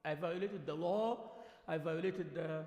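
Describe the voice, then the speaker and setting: A man's voice: fairly high pitch, measured pace, darkish tone. A man with an Arabic accent teaching a religious lesson in a mosque, mixing English and Arabic and often asking his listeners questions. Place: mosque hall. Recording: echoey hall livestream.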